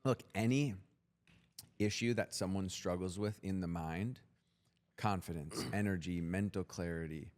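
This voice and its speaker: A man's voice: sits low, measured pace, darkish tone. A young man as a podcast guest, telling his story in a blunt, profane, intense motivational way. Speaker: guest entrepreneur.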